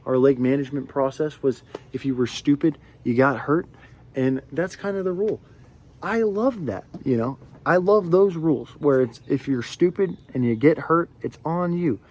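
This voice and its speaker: A man's voice: a little high, normal speed, darkish tone. A young man in his twenties, ranting to camera in a rambling way with lots of fillers and restarts. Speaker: vlogger. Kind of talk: ranting monologue.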